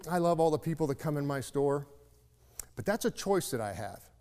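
Gentle old-time shopkeeper, a man telling it in a sermon, soft and patient, echo trailing. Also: fairly high pitch, big pitch swings, normal speed. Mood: kindly. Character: kindly middle-aged male shopkeeper.

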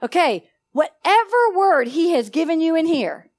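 A woman preaching a sermon with animated energy. She laughs often and prompts her listeners to finish her sentences. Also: very high voice, moderate pace.

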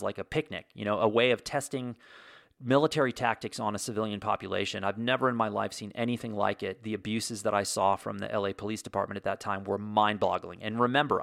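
A man's voice: fairly low pitch, creaky, dry recording, studio quality. A middle-aged man hosting a podcast, telling a long story in a rambling conversational way, with restarts and asides. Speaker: podcast host. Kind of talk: casual storytelling.

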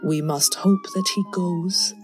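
A woman reading a macabre rhyming tale aloud, slow and deliberate, her voice swooping widely up and down for effect. Her delivery is theatrical and expressive, with soft music playing under her. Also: mid-range voice. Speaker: narrator, performer.

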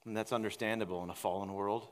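A male pastor delivers a sermon in a fairly low voice, talking earnestly and conversationally and circling back to his key phrases. His voice rings out with a long reverb from the church sanctuary. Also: steady tone, quick pace. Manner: earnest, conversational preaching with repetition.

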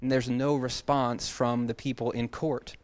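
A man's voice: medium pitch, level tone, unhurried. A man teaching a Bible passage in a casual expository sermon, talking conversationally and dropping joking asides.

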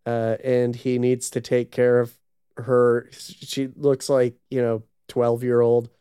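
A man talks slowly in a relaxed, amused way, chatting casually with a co-host. His voice is mellow and smooth. The sound is dry and close, with no room around it. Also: mid-range voice, no room sound. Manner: slow, relaxed, amused, drawn-out explanations. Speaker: podcast co-host. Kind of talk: casual chat about anime.

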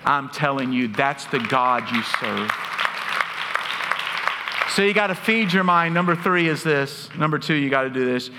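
A man's voice: mid-range voice, animated, measured pace, pushed and bright, some chatter behind. A man, preaching a sermon as pastor, telling stories earnestly with touches of humor. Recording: long hall reverb.

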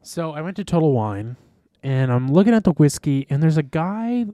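A man's voice: on the high side, normal speed, no echo. Young man telling a rambling story. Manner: rambling, animated, swears casually, lots of "like". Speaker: podcast co-host. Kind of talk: casual storytelling chat.

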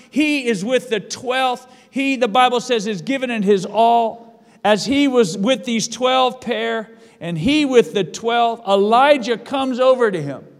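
A man's voice: very high voice, in a large hall. A male pastor delivering a sermon in a church, emphatic and repeating his phrases for weight.

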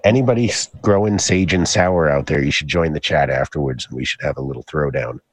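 A man co-hosting a casual chat, animated and profane, often laughing. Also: extremely low pitch, fairly quick, breathy edge.

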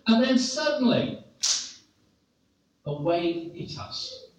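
A middle-aged man from England preaching in a very echoey church hall. He tells his story slowly, with self-mocking humor. He stands well back from a dull-sounding microphone. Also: mid-range voice, a little mellow, far from the mic, slight background noise. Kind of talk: sermon.

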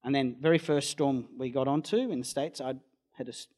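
A medium-pitched, brisk Australian man recounts a rambling storm-chasing story in an interview. He's a loose storyteller who booms out quoted voices.

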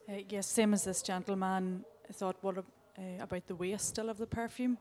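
Woman, group participant, flat even delivery, soft. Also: mid-range voice, moderate pace, a little hiss or hum. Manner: hesitant, soft.

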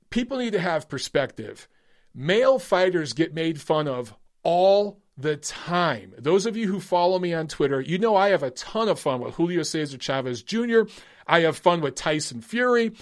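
A man hosting a boxing podcast, giving casual, rambling opinion commentary with frequent restarts and casual swearing. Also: a little high.

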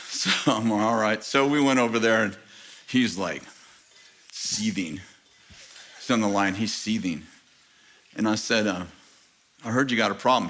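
This American pastor's voice is lowish and a bit bright, delivered slowly with long pauses, and there's slight background noise. He's preaching in a large church auditorium, laughing as he tells a story and voicing the people in it.

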